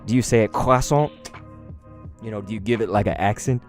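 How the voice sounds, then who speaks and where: A man's voice: on the low side, brisk. Hyped young guy opening cards on stream, slangy, talks to chat, faint music behind. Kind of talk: casual live-stream chat.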